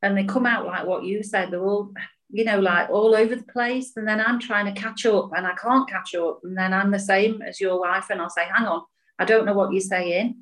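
A woman's voice: medium pitch, normal speed, a bit bright, rough recording. Thoughtful woman guest on a podcast. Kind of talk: reflective conversational chat.

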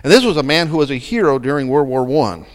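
A man's voice: medium pitch, animated, fast, long reverb tail. A man preaching a sermon, dramatic and full of rhetorical questions. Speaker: pastor.

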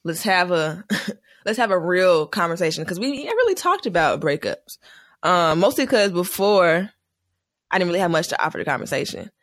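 A man hosting a casual podcast, an animated storyteller who laughs often. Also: sits high, normal speed, no echo, studio quality. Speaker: podcast host.

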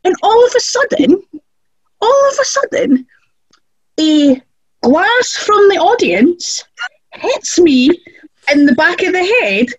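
A woman, a wrestler telling backstage stories in an animated chat and acting out the quotes. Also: slow pace, pauses often, no echo, poor audio. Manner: lively, acts out quotes with big pitch jumps. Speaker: wrestler guest.

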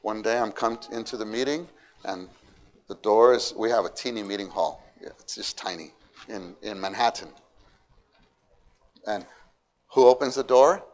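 A man giving a sermon, animated, swinging between quiet asides and loud, emphatic lines, and acting out quoted people. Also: on the low side, normal speed, long pauses. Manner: acts out quoted people in raised voices. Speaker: church speaker.

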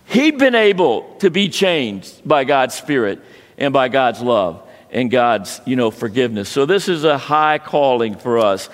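Guy preaching, stops and restarts a lot, mid pitch, long echo in the hall. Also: lively intonation. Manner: halting, restarts often, emotional personal story. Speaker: pastor. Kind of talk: sermon.

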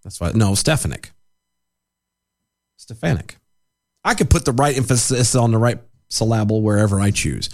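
A man co-hosting a casual political podcast, sarcastic and quick to laugh as he reads out quotes. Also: on the low side. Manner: sarcastic, animated, laughs easily. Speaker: podcast co-host.

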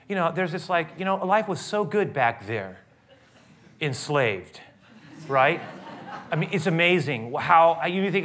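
Bright-voiced male preacher. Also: fairly high pitch, moderate pace. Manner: conversational preaching, rising to animated outbursts. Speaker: pastor. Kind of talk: sermon.

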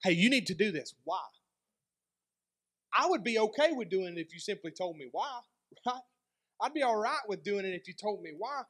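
A male pastor giving a sermon, telling a personal story in a conversational, animated way. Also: high-pitched, moderate pace, long pauses. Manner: conversational storytelling with lively dynamic swings.

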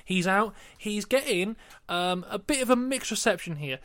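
A man's voice: sits high, expressive, moderate pace, a bit bright, no echo. A young British man co-hosting a casual wrestling review podcast, recapping matches with playful quoted asides. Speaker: podcast co-host.

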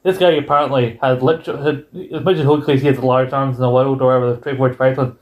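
Man, podcast co-host, casual rambling chat, salty language, average pitch. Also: steady tone, dull audio. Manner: rambling, quick asides, swears freely. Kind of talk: casual wrestling history chat.

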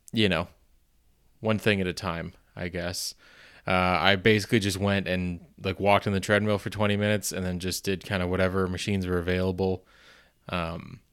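A man's voice: deep voice, fairly bright tone, smooth. A man hosting his own podcast alone, chatting casually in a rambling, self-deprecating way with lots of "you know"s and the odd swear word. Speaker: podcast host. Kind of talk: casual solo podcast chat.

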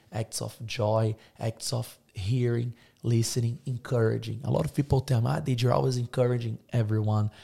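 A man with a gravelly, dark, mellow voice talks as a podcast guest. He is effusive and encouraging, piling up lists one item after another. His English phrasing is slightly non-native. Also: medium pitch. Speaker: podcast guest, business owner. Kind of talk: casual podcast conversation.

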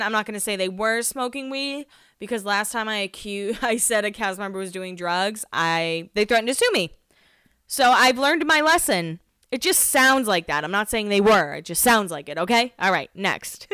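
Woman host, gossipy reality-TV recap, smooth clear voice, dry close sound. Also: bright, forceful tone, no echo. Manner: gossipy, jumps between topics, acts out quotes in a higher voice. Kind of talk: casual chatty recap. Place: home, alone.

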